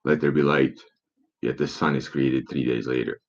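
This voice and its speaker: A man's voice: extremely low pitch, steady tone, normal speed. A man talking in a profane, rambling monologue full of rhetorical questions, on a dull lo-fi recording.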